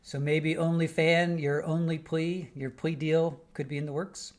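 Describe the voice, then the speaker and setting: An older man from the Midwest hosts a casual livestream, reading out viewer comments and chatting back. His voice sits a little high for a man, and his talk rambles with frequent restarts. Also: flat delivery, unhurried. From American Midwest. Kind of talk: casual chat while waiting for a trial.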